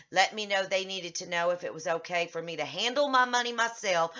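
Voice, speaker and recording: A middle-aged woman vlogging about a therapy session, agitated and venting, her voice rising in loud bursts. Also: mid-range voice. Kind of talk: personal vlog recounting. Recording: slightly dull lo-fi audio.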